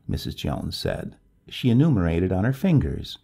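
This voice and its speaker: A low man's voice, gravelly and husky, reads a story aloud in a measured, expressive way. His tone is dark and mellow, and his pitch moves over a very wide range. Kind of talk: scripted narration.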